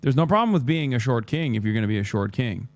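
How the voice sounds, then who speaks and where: A man's voice: mid-range voice, animated, quick pace, no echo, soft background music. A man hosting a livestream reaction, commenting in a sarcastic, mocking manner into a close microphone. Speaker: streamer host.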